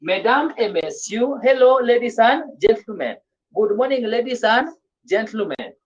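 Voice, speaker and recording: A woman's voice: a little high, lively intonation. A woman teaching a class, repeating herself and checking often that students follow. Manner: slow, repetitive, checks understanding often. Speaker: French teacher. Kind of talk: classroom language lesson. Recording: dull lo-fi recording.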